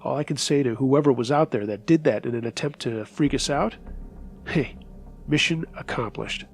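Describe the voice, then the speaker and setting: A man narrating true scary stories as the host of a horror story show, reading in a measured, steady voice. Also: medium pitch.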